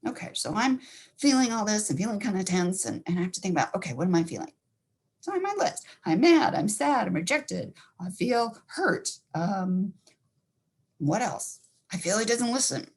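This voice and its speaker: Fast-talking woman counselor, super husky breathy voice, lots of up and down. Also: mid-range voice. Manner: fast-talking, animated, acts out inner thoughts. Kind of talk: educational talk.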